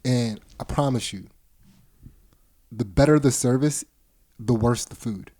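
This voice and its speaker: A man hosting a comedy podcast, joking in quick casual banter with laughs. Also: medium pitch, mellow. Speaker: podcast host.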